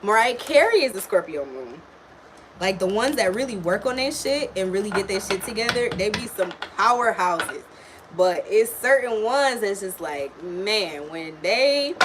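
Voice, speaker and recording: This is a woman running a live tarot reading in a relaxed, unscripted way. Her pitch is mid-range and her talk is slangy and blunt, with casual swearing thrown in. She speaks straight to her viewers as if they were friends in the room. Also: noisy background. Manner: blunt, slangy, swears freely, talks to chat. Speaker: tarot and astrology reader.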